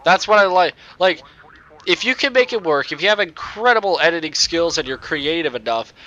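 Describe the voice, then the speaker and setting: A young man with a nasal voice and a bright edge to it talks through a racing game on a cheap microphone. He rambles in loose, excitable bursts and breaks off to curse at what happens on track. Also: fairly high pitch, brisk, dull audio. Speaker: gaming YouTuber. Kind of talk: casual gameplay commentary.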